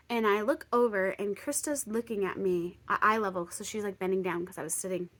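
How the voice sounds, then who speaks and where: A young woman vlogger telling a story casually, chatty with lots of fillers, dropping to whispers and bursting into excitement. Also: mid-range voice, fairly quick, few pauses. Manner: chatty, lots of "like" and "um", swings between excited outbursts and hushed whispers.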